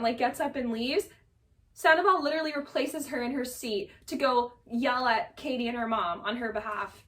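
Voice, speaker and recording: A woman's voice: high-pitched, fairly bright tone, distant mic. A woman giving a casual, gossipy recap of a reality show. She fills her talk with "like" and acts out quotes from the episode. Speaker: recap vlogger.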